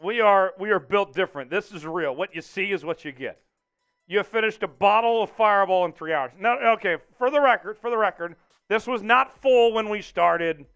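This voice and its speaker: A man hosting a casual sports livestream, reading out viewer donations, excitable and laughing often. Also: high-pitched, moderate pace, clear, resonant tone, soft background music. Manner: excitable, reads out super chats, laughs often. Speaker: livestream host.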